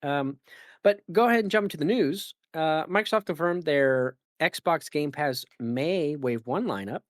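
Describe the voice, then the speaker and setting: A man's voice: on the high side, unhurried, dry recording, studio quality. A man hosting a casual gaming podcast, rambling with lots of fillers and restarts. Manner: rambling, filler-heavy and self-correcting. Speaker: podcast host.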